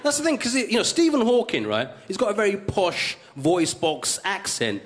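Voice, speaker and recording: A male stand-up comedian, hosting a comedy show with quick, cheeky punchlines before a live audience. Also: sits high, very animated. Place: studio comedy stage with audience. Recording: live stage with loud crowd.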